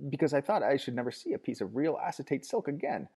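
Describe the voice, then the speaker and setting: A man's voice: mid-range voice, sing-song, fast, mellow, husky, voice pushed up. A man voicing a weeping older woman who gushes out a torrent of words while crying, in an audiobook reading. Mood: tearful, gushing. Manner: sobbing, gushing torrent of words. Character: weeping, gushing older woman, long an outcast.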